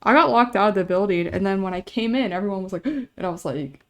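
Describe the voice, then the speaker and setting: A woman's voice: mid-range voice, expressive, fast, fairly bright tone. A young adult woman streamer chatting casually while she draws, telling a rambling story and laughing often.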